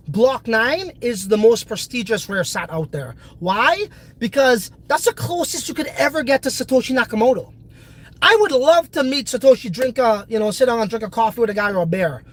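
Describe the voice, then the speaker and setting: A man's voice: high voice, a bit bright, low-quality recording. A congested man hosting a casual crypto video, talking in a brash, profane, hyped way. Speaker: crypto project host.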